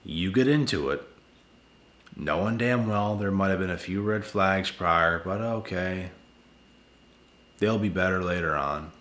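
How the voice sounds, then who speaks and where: A man's voice: low-pitched, a little slow, pauses often, a bit bright, reverberant. A man hosting his channel, giving relationship advice in a blunt, repetitive casual monologue late at night, sounding tired and talking to viewers as guys and bro. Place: at home indoors.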